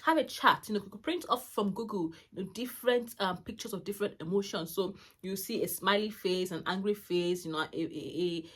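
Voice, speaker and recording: A mother of about forty talks casually to camera about parenting on her channel, her mid-range voice slightly rough, a little fast, and with few pauses. She comes across as warm-hearted and chatty, rambling with plenty of fillers and restarts.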